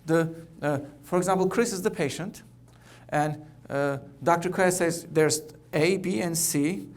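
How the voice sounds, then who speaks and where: A middle-aged man, an oncologist, giving a conference keynote in a conversational, halting way, often repeating words. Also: fairly high pitch.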